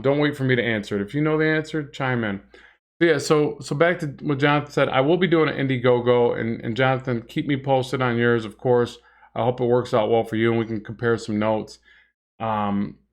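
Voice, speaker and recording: A chatty, medium-pitched man, a comic art instructor, hosts a drawing livestream and gives a casual lesson while talking with viewers. He rambles with many fillers and restarts and reads the chat aloud.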